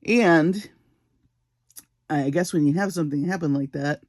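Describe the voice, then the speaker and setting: A woman's voice: low voice, unhurried, a little mellow, no room sound, clean studio sound. A woman hosting a jewelry-making vlog from her home bead room at three in the morning. She tells a chatty, self-deprecating story and often breaks into laughter. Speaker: jewelry-making channel host.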